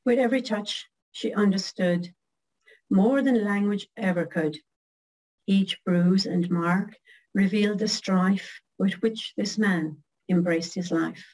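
A middle-aged woman reading her own poem slowly and carefully, then chatting casually as a guest. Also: medium pitch, a little mellow, low-quality recording. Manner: slow, measured recitation.

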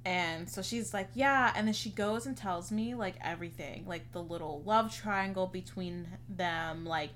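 Bright-voiced young woman telling a story. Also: on the low side, a little slow, hardly any pauses, a little hiss or hum. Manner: chatty, heavy use of "like", acts out quotes. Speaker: podcast co-host. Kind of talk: casual storytelling chat.

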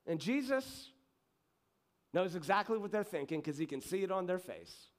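Lively, conversational male pastor. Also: sits high, a little fast. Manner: animated storytelling, conversational asides. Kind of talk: sermon.

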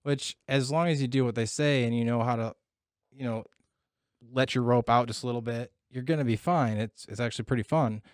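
A man telling a profane story in casual chat, getting animated as he tells it. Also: mid-range voice, fairly quick, no echo, clean studio sound.

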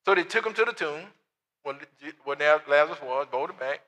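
High, bright preacher in an echoing hall. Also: male voice, animated, moderate pace. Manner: storytelling preacher, acts out the Bible dialogue in quiet asides, then builds to shouts. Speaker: pastor. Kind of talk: sermon.

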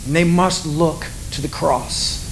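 A man preaching a sermon, telling a Bible story in a lively way and acting out the voices of the people in it. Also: a little high, takes it slowly, noisy background. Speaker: pastor.

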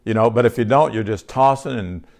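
A man's voice: mid-range voice, brisk, vocal fry. A man preaches to his congregation in a folksy, conversational way. He reads scripture aloud and keeps turning to the room with questions. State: short on sleep. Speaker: pastor. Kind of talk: sermon.

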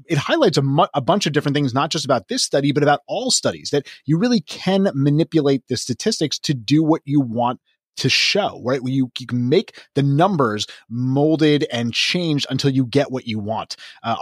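A man's voice: medium pitch, animated, brisk, husky, no echo. A man co-hosting a podcast, talking in an earnest, emphatic way as he criticizes, on a close mic. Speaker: podcast co-host. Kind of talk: critical commentary discussion.

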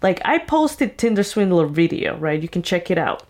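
A woman's voice: on the low side, sing-song, normal speed, darkish tone. A woman giving casual, opinionated commentary as a vlogger. She rambles and fills her talk with "like" and "you know", and she is blunt and argumentative.

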